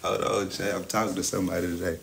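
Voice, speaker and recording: A young man chats on a livestream in a gravelly, lowish voice. He is boastful and hyped, and he keeps throwing "you know what I'm saying" at his viewers. Faint background noise sits under his voice. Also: flat delivery, quick pace, a bit bright. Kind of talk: casual livestream chat.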